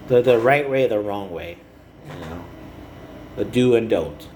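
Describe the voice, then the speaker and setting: A man speaking earnestly to the camera in a rambling personal monologue, halting and repeating "you know" often. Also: on the low side, animated, a little mellow, a little hiss or hum, low-quality recording. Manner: earnest and heartfelt.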